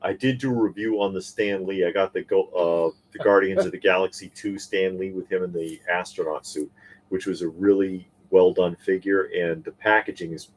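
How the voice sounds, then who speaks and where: A man's voice: low voice, fairly even intonation, moderate pace. A man co-hosting a live toy and pop culture stream, chatting casually, reading viewer comments and ranting with plenty of fillers and restarts. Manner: opinionated, rambling with fillers and restarts. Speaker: co-host of a live toy talk show.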